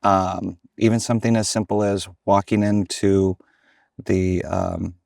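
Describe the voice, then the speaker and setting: A man's voice: low voice, flat delivery, unhurried, creaky, a little mellow, no room sound, studio quality, distant mic. A man in his fifties from the United States, chatting casually as an interview guest and telling rambling stories full of ums. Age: 50s. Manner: rambling storyteller, many ums. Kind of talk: casual chat.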